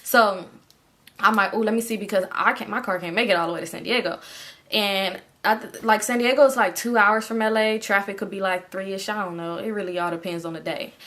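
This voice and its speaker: A woman's voice: medium pitch, steady tone, a little fast, fairly bright tone. A young woman casually telling a rambling story, full of slang and swearing.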